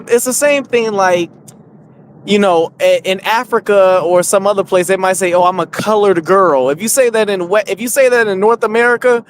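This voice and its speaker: A man's voice: high-pitched, slight background noise. A man co-hosting a movie podcast in casual, rambling chat, swearing freely. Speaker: podcast co-host.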